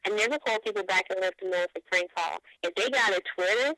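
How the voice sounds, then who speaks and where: A middle-aged woman, a radio show guest, telling profane, animated stories in a casual interview. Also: medium pitch, fast, no room sound, low-quality recording.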